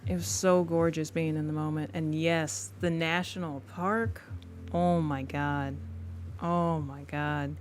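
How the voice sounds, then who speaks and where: Low, slow-talking woman chatting to viewers. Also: steady tone, slight background noise. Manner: laid-back, chatty, laughs often, greets viewers warmly. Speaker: artist live-streaming a drawing session. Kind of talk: casual chat with live viewers.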